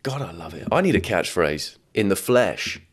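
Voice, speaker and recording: A young man with a somewhat low voice hosts a comedic reaction video. He rambles from joke to joke, laughing often and swearing freely. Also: very animated, normal speed, slightly rough.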